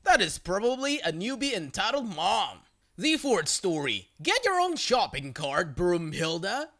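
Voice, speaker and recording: Expressive story narrator with bright voice. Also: medium pitch. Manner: expressive, with brief sarcastic asides. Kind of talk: reading online stories aloud.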